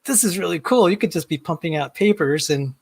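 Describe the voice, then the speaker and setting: Man, slightly high voice, rambling, self-deprecating, video call demo. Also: animated, brisk, slightly rough. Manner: rambling, self-deprecating, repeats words when starting. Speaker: guest. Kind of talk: casual screen-share demo chat.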